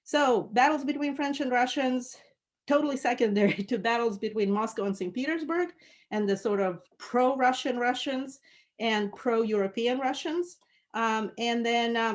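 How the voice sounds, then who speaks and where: Animated woman leading a book talk. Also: a little high. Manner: lively and animated, laughing often, many fillers. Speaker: discussion leader.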